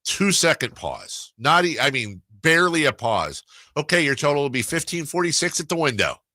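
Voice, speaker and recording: A man's voice: fairly high pitch, big pitch swings, normal speed, bright, forceful tone, dry recording. A man hosting a sports radio show, telling a rambling story in casual chat. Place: radio studio.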